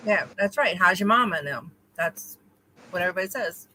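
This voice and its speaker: Bright-voiced woman reading chat comments. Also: lowish voice, a little fast, a little hiss or hum, rough recording. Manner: relaxed, reads out chat comments with laughs. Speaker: co-host reading viewer comments. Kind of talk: casual live-stream chat. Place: home.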